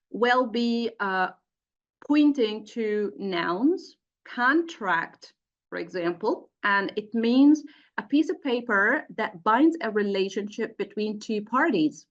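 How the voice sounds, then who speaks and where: A middle-aged woman leads an online training lesson for teachers. She speaks slowly and deliberately, pausing on fillers as she works through each point. The audio is dull and lo-fi, like a computer mic on a video call. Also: fairly high pitch, expressive. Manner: explains step by step with many fillers. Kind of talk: webinar lecture.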